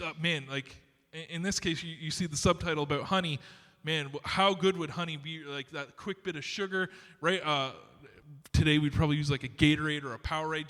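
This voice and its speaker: Man, pastor preaching, high bright voice, conversational, long church reverb. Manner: conversational, animated, acts out scripture scenes. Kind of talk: sermon. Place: church sanctuary.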